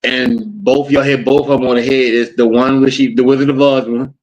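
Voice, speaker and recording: Guy on a podcast, steady and insistent, muffled lo-fi audio. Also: medium pitch, fairly quick. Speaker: podcast co-host. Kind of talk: casual chat. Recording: dull lo-fi audio.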